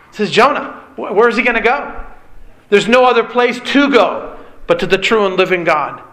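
A man's voice: high voice, expressive, moderate pace, sharp tone. A man preaching a sermon, earnest and emphatic, often calling his listeners beloved. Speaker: pastor.

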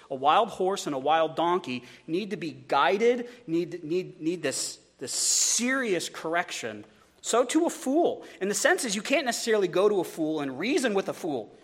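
A man's voice: high-pitched, big pitch swings, moderate pace, breathy edge, big-room sound. A man preaching a sermon as a pastor, conversational, with stumbling repeats and joking asides.

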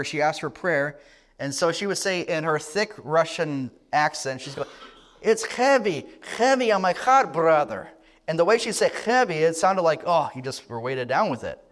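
A middle-aged man preaching a sermon in an earnest tone, asking rhetorical questions and restarting his phrases. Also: a little high.

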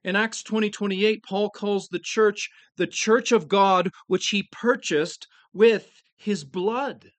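A male preacher with a rather high voice gives an earnest, emphatic sermon. He takes his time and slows right down to stress the key words. The sound is dry and close, with no room around it. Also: a bit bright, no room sound.

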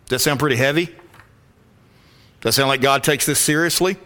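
Bright-voiced man preaching a sermon. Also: medium pitch, brisk. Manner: emphatic preaching, drops to a hushed whisper for stress. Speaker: pastor. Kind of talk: expository sermon.

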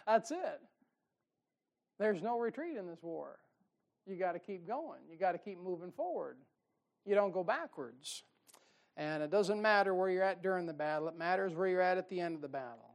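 A man preaching a sermon in a folksy, animated way, asking the congregation questions and drawing out key words for emphasis. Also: high voice, fairly quick, creaky.

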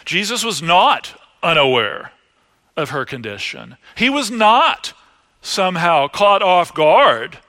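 A man preaching with a lively, swinging voice. He talks slowly and his tone is bright. His loud emphatic lines drop into hushed asides. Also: sits high. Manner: animated, rising to loud emphasis then dropping to hushed asides. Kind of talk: sermon.

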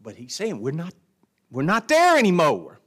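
A man with a drawl teaches scripture to an adult class, his voice sitting a little higher than most men's. He talks in a folksy, emphatic way, doubling back on words and hammering key points like a preacher. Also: huge pitch swings, moderate pace, a bit bright. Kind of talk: verse-by-verse Bible lesson.

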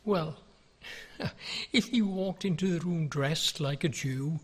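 An older man preaching a sermon, earnest and pleading, with many rhetorical questions and a husky voice. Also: fairly high pitch, slow pace. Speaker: pastor.

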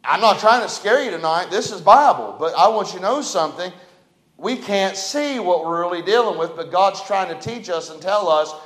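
A male pastor, preaching a folksy, dynamic sermon that swings between loud and soft. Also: high-pitched, lively intonation, normal speed. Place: church sanctuary. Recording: echoey church room.

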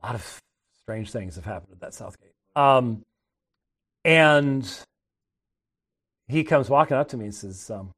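A man's voice: medium pitch, animated, unhurried, pauses often, fairly bright tone. A middle-aged man hosting a talk show, telling rambling, conversational stories and often restarting his sentences. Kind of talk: casual anecdotal storytelling.

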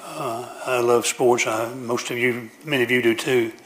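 A man's voice: medium pitch, fairly even intonation, moderate pace, fairly bright tone. A man preaching a sermon in a church, telling folksy stories with frequent restarts and repeated phrases.

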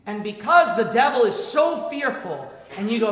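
A man preaching a sermon with fervent, emphatic delivery that swings from low talk to shouting. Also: big pitch swings, moderate pace. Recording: echoey hall with long reverb.

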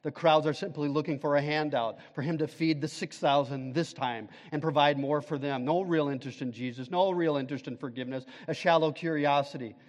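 A man preaching with fervent, rising intensity that drops to hushed, measured asides. His voice sits a little high for a man. A long reverb trails each phrase through the hall. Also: fairly even intonation. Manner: swings from loud fervent peaks to hushed low passages. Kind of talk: sermon.

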